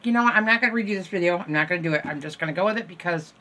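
A woman's voice: fairly low pitch, racing, pushed and bright. An older woman in casual, rambling chat, showing items from a store haul at home and joking at her own expense. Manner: chatty, rambling, self-deprecating. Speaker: haul vlogger. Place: home room.

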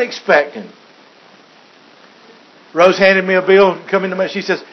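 A man's voice: sits high, fairly even intonation, unhurried, pauses often. A man preaching a sermon as pastor, joking and chuckling, with frequent restarts. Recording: dull lo-fi recording.

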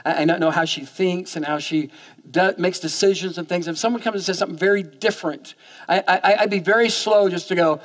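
Fast-talking, high-voiced male pastor. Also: steady tone. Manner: stammering repeats of words. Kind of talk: sermon. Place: church.

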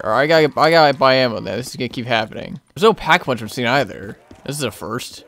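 A fast-talking young man with a mid-range voice hosts his gaming channel. He offers casual running commentary on the action, gets excitable, and lets out frustrated yells when things don't go his way.

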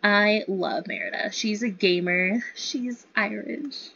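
A woman's voice: medium pitch, slow pace, vocal fry, pushed and bright, slightly rough. A young woman giving chatty, giggly commentary on her own gameplay. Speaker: gaming video creator. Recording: slightly dull lo-fi sound.

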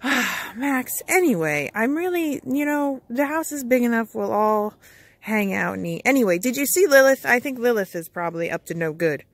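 A woman narrating and acting out a toy-play story in an expressive, worried way, with frequent gasps. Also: a little high, normal speed.

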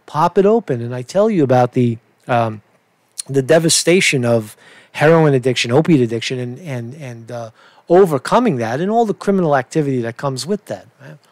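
A man's voice: medium pitch, expressive, brisk, darkish tone, no echo. A middle-aged man with a Brooklyn accent, ranting profanely in a rambling commentary and often asking "right?". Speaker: online commentator.

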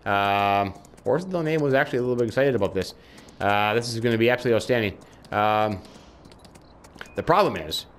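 A man giving chatty let's-play commentary, talking to his in-game horse and jumping up in pitch when excited. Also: slight background noise. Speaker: gaming YouTuber.

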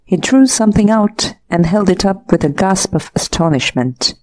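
Mellow woman narrating a classic story. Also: mid-range voice, expressive, moderate pace. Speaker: audiobook narrator. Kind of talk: scripted narration.

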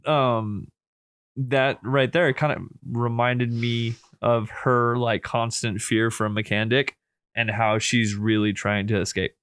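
A man's voice: medium pitch, flat delivery, takes it slowly, a bit bright, clean tone, dry recording, studio quality. A man co-hosting a casual horror film review podcast, laid-back and rambling. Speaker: podcast co-host.

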